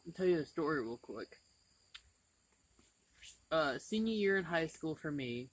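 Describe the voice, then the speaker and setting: A man's voice: a little high, a little slow, low-quality recording. Laughing, storytelling man hosting a chat. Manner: animated storyteller, laughs often. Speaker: channel host.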